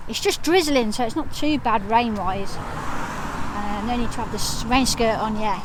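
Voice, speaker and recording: A woman's voice: on the high side, unhurried, heavy background noise. A middle-aged woman talking chattily to a handheld camera while hiking outdoors, often laughing. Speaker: hiking vlogger. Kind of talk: casual vlog to camera.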